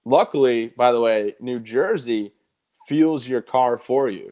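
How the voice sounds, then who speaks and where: A man who is a guest in a live interview, telling his stories in an animated, conversational way with quoted dialogue. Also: medium pitch, measured pace. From United States.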